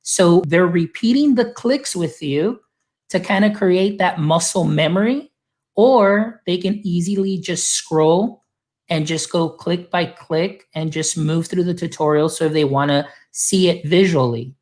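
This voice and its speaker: A man's voice: high voice, unhurried, darkish tone. Upbeat male educator, casual screen-share demo voice, talky and friendly. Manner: upbeat, chatty, lots of filler phrases. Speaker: guest demonstrating software; educator supporting teachers.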